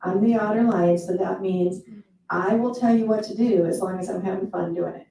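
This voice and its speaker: A woman's voice: medium pitch, moderate pace, gravelly, dark tone. A woman giving an enthusiastic, playful motivational seminar talk to a live audience, breaking into quoted asides. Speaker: motivational speaker. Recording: echoey hall, speaker far from mic.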